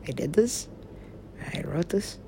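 A woman rambles in a loose, unhurried way, her voice sitting fairly low. She giggles often, swears freely and lets sentences trail away into mumbled half-words. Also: lively intonation, creaky, mellow, a little hiss or hum. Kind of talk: rambling casual talk.

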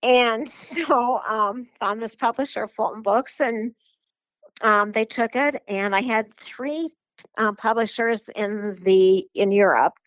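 A woman author chats in a loose, rambling way, full of fillers and small laughs. Her voice sits at a middle pitch. The recording is dull and dry, with little room sound. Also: slow pace, fairly bright tone, no room sound. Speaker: children's book author. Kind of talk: casual interview talk.

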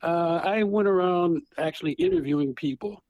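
A man's voice: sits high, normal speed, darkish tone, no room sound, rough recording. A man in his sixties, a retired prosecutor and guest author, telling stories animatedly over a phone handset. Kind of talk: storytelling interview.

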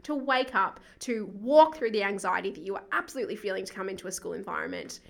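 An Australian woman, a school co-principal, speaking as a podcast guest in a bubbly, expressive way and laughing often. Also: mid-range voice, quick pace, creaky. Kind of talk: podcast interview.

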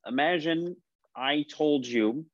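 A man's voice: a little high, slow pace, no echo. A man giving an informal religious lesson, telling stories in a conversational way with frequent restarts and questions to his listeners. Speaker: rabbi teaching a class. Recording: slightly muffled recording with faint noise.

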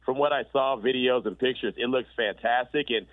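A man calling in to talk sports, words tumbling out at a brisk clip. His voice comes through tinny and narrow, like a phone line, with no room sound. He leaps higher when he gets worked up. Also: no room sound. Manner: animated, quick, pitch jumps when excited. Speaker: regular guest commentator.

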